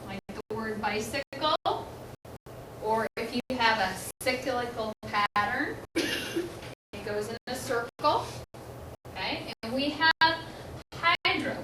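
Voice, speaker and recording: A woman teacher leading a classroom lesson for children, giving clear call-and-response cues and encouraging her pupils. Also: a little high. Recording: roomy classroom echo, distant mic, noisy.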